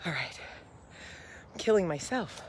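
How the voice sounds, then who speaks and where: A woman's voice: fairly low pitch, very animated, a little slow, husky. A woman hosting a casual vlog, out of breath as she walks uphill outdoors, rambling and amused at her own jokes, swearing freely. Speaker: host.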